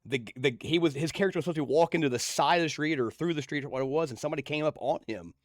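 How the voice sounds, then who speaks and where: A man's voice: on the high side, rapid-fire, dry recording. Podcast co-host guy, chatty storyteller, laughs a lot, dry close sound. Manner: animated storyteller, laughs often. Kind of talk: casual chat.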